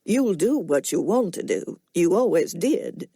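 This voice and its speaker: This audiobook reader is a woman with a lowish, expressive, slightly rough voice and no echo. She takes on the role of a soft-spoken, middle-aged Southern farmer who drawls slowly through the nose and speaks plainly with quiet sternness.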